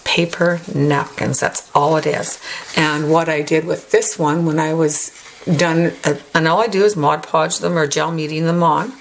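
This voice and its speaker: A woman hosting a craft tutorial, chatting casually as she shows her work and often adds a quick "right?". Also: low-pitched, slight background noise. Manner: chatty, tacks on "right?" tag questions. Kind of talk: casual show-and-tell tutorial.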